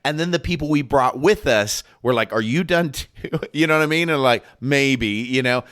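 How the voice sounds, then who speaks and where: Man, co-host, casual faith chat, ponders aloud, restarts often, mid-pitched voice. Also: normal speed, fairly bright tone. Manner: thinks aloud, restarts, acts out quoted lines. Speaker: podcast co-host. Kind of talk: casual Bible discussion.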